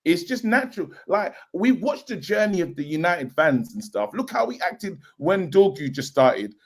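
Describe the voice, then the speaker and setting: A man's voice: high voice, very animated, normal speed. A man argues his view on a casual football fan panel. He talks insistently and circles back to repeat himself.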